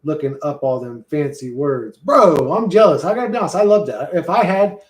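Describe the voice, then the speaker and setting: A man's voice: a little high, animated, normal speed. A man streaming live, chatting loosely with his viewers in a rambling, profane, slangy way. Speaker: streamer reading and answering chat. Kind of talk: casual livestream chat. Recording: roomy echo.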